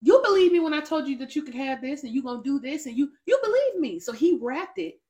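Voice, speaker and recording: A woman co-hosting a casual faith podcast, telling her story with lively acted-out quotes. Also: high voice, fast talker. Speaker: podcast co-host.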